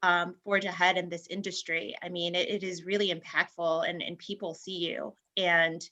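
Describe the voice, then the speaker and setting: A woman's voice: lowish voice, flat delivery, normal speed, sharp tone. A woman speaking on a real estate panel, heartfelt and effusive, often restarting her sentences. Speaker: realtor panelist. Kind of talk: panel discussion.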